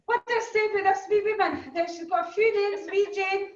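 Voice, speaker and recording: A woman's voice: very high-pitched, fairly even intonation, a little fast. A Scottish woman hosting an awards event, chatty and getting choked up as she speaks. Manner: chatty, warm-hearted, gets choked up. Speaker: event host. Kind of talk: emotional award speech. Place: hot function room. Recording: echoey room, distant dull mic.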